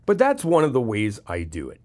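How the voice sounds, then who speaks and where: A man's voice: mid-range voice, huge pitch swings, fairly quick, a little mellow. A man in a comfort audio role-play, talking as a best friend who gives casual, frank reassurance and swears freely.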